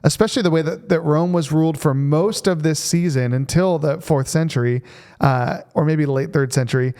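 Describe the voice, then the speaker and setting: A man's voice: fairly high pitch, a little fast, clean tone. A man co-hosting a church podcast, talking casually about the Bible in a playful, joking way. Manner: playful, jokey, animated. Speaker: pastor and podcast co-host. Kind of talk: casual Bible study chat.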